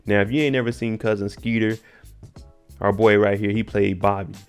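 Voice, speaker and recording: Gravelly-voiced man recapping a show. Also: lowish voice, steady tone, normal speed, faint music behind. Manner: laid-back, joking slang narration. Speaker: TV recap host. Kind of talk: casual episode recap.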